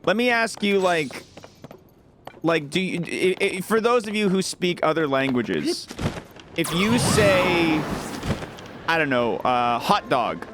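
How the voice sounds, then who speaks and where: A man streaming a video game, chatting casually and joking in animated little rants. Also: fairly high pitch, slow, pauses often. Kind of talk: casual gameplay chat. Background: game music.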